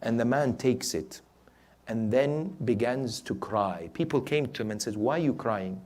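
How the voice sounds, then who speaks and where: A man preaching a night sermon who urges his listeners emphatically, asks them rhetorical questions and drops to quiet storytelling. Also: medium pitch, a little slow. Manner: swings between loud urging and quiet storytelling. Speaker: sheikh, preacher.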